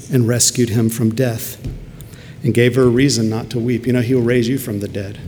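A man's voice: mid-range voice, creaky, a little mellow, a little hiss or hum. A man preaching a sermon earnestly, building to emphatic peaks. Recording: long hall reverb, faint ambience.

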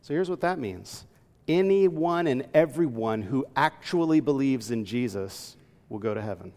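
A man preaching with a gravelly, creaky voice, reading verses and teaching with earnest emphasis. His voice carries a long reverb, as if in a large hall. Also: mid-range voice, animated, moderate pace, a little mellow. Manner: earnest teaching, reading scripture aloud, rising to emphatic peaks. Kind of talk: sermon.

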